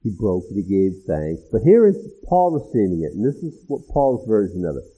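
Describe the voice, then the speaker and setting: A man preaching an expository sermon as pastor, animated and acting out the people in the text. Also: on the low side, brisk, slightly rough. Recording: tinny phone-like sound.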